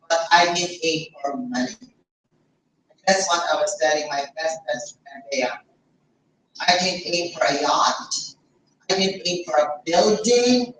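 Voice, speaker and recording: A woman's voice: fairly low pitch, fairly bright tone, slight background noise. Emphatic woman in an echoey hall. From Philippines. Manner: emphatic, blunt, repeats for stress. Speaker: conference speaker. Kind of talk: conference talk. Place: conference hall. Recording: echoey hall, mic from far off.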